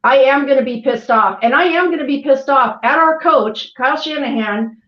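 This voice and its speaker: A woman's voice: high-pitched, normal speed. A woman co-hosting a casual sports chat, ranting bluntly and swearing freely. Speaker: podcast co-host. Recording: echoey, dull, lo-fi sound.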